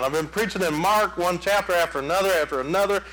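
Pastor guy preaching, folksy storyteller, kinda high voice. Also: fast, hardly any pauses, a bit bright, low-quality recording. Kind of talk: sermon.

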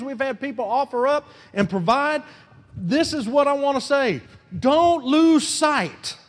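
A man's voice: very high-pitched, long reverb tail. A man preaching a sermon as pastor. He talks fervently and repeats himself, with colloquial asides.

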